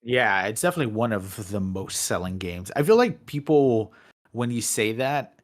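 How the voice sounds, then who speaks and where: A man co-hosting a gaming podcast, chatting in an animated, joking way and swearing casually. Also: fairly low pitch, normal speed. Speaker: podcast co-host. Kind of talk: casual chat.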